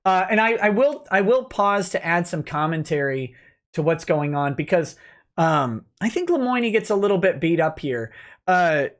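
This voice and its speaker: A man's voice: high voice, animated, moderate pace. A man hosting a casual livestream, reading and commenting in a sardonic, mocking, chatty way with many fillers. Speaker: lawyer and livestream host.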